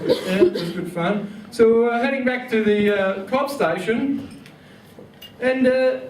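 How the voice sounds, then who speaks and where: A man's voice: extremely high pitch, slow pace, a little hiss or hum. A man doing a rambling, crude stand-up comedy set and laughing at his own jokes. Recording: roomy, far mic, crowd.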